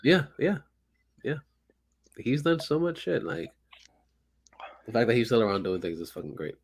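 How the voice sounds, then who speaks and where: A young man co-hosting a podcast, laid-back and swearing freely, chiming in with quick agreement. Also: mid-range voice, big pitch swings, vocal fry, husky. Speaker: podcast co-host. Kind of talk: casual chat.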